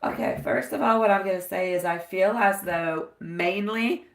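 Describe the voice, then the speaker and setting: A woman's voice: medium pitch, normal speed, few pauses. A woman doing a live-stream tarot reading, chatty and affectionate, dropping Italian phrases as she answers viewers. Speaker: tarot reader.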